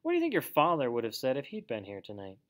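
A man's voice: medium pitch, huge pitch swings, fast. A man voicing a stern old male badger in a storybook read-aloud, with a dry, severe manner.

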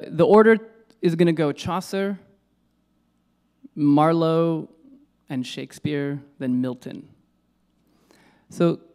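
A man's voice: a little high, darkish tone, smooth. A man giving an informal lecture on poetry. He hesitates, corrects himself and uses many fillers.

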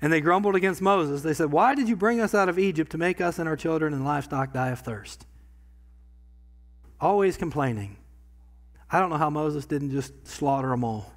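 Male pastor, somewhat high voice, conversational sermon with sudden loud peaks. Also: moderate pace. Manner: conversational preaching, swings from quiet to loud bursts. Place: church sanctuary.

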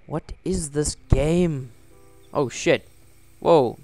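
A man casually commenting on a story game as he plays, reading its text aloud, swearing and yelling at characters. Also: fairly high pitch, expressive, a little slow, soft background music. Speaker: gaming channel host. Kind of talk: let's play commentary.

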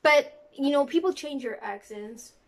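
A young woman from South Africa talking casually to camera in a sassy, animated way. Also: unhurried. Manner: sassy and animated, talks with big pitch jumps. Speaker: vlogger. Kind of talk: casual vlog talk to camera.

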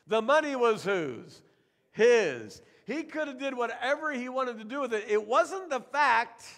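A middle-aged man preaching a sermon in a church, telling stories in a lively way and acting out what the people in them say. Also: very high-pitched. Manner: animated storytelling, acting out characters' lines. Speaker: pastor. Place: church sanctuary. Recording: long church hall reverb.

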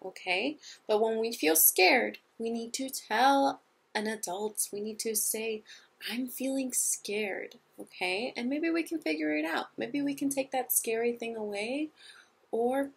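Gentle, breathy woman teaching young children. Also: fairly high pitch, moderate pace. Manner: gentle, patient, asks children questions. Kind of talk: children's lesson.

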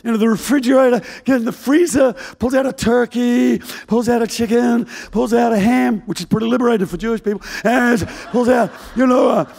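An older male pastor preaching a sermon, telling a story in an animated, comic, fast-moving way. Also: very high-pitched, creaky.

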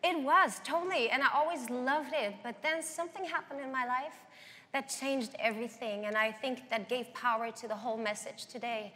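A young woman sharing her personal story with earnest, heartfelt warmth, her voice high and bright. She is a guest singer being interviewed, and her words carry a long reverb from a large hall. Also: normal speed. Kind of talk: interview testimony.

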